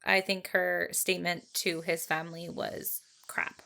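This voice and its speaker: A woman's voice: fairly low pitch, unhurried, gravelly. Woman co-host telling a true-crime case. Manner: steady storytelling, calm and supportive. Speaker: podcast co-host. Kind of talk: true-crime narration and chat.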